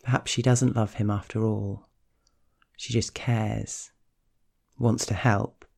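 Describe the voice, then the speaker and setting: Slow, gravelly male storyteller. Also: lowish voice, level tone. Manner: slow, hushed and measured. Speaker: narrator. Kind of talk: scripted story narration.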